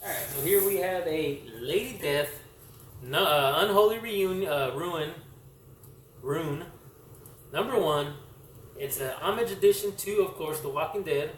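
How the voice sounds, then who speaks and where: A man talks loosely and haltingly, stopping for fillers and correcting himself as he goes. His voice sits a little high and comes from some distance off the mic. The room around him rings with echo, and a faint hiss runs under it. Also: fairly bright tone. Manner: rambling, halting, lots of fillers and self-corrections. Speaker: comic collector vlogger. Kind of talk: casual show-and-tell vlog.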